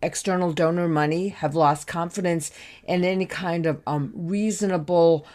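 An American woman speaking on a panel discussion, thoughtful but halting, with many ums and restarts. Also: on the low side, fairly even intonation, a little mellow. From United States. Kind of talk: remote discussion contribution.

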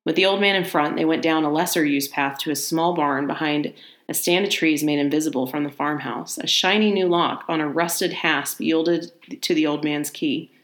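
A woman with a low voice reads a horror tale aloud, steady and unhurried. Now and then she breaks off for a brief casual aside. The room is echoey, so her voice carries a clear reverb. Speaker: storyteller. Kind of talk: horror story reading.

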